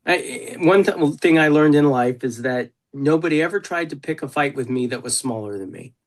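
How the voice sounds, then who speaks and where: A man's voice: fairly high pitch, moderate pace. A man hosting a consultation over a video call, telling stories bluntly and swearing freely. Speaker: consultant host. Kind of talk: casual video call chat.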